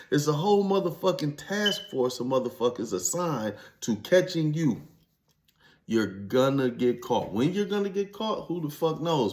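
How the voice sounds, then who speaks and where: A former inmate telling his story in a casual, blunt, heavily profane monologue that rises to emphatic preaching. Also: mid-range voice.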